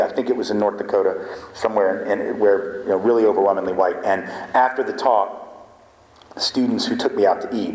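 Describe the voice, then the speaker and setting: A man's voice: fairly low pitch, darkish tone. A man giving a talk to a live audience, telling a story animatedly, acting out bits of dialogue and often checking in with "right?". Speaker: guest speaker. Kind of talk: storytelling lecture. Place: lecture hall. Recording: echoey hall with long reverb.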